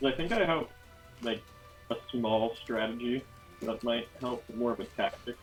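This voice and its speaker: A man's voice: mid-range voice, moderate pace, faint music behind, low-quality recording. A young man playing a cleric in a tabletop game, chatting casually and joking around with the group. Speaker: player, a cleric.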